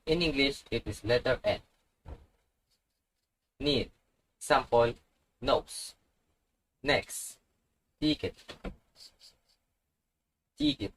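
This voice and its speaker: A man teaching a language tutorial, pronouncing each letter slowly and repeating it with example words. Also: mid-range voice, a bit bright, poor audio. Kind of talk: slow instructional tutorial.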